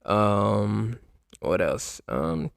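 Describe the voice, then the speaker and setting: A man talks alone into a close mic for his podcast, his voice gravelly with a lot of fry. He rambles loosely, restarts his sentences and speaks straight to his listeners. The sound is dry, with no room around it. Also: fairly low pitch, lively intonation, very slow, dry recording. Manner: rambling, restarts often, addresses listeners directly. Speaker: podcast host. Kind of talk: casual solo podcast talk.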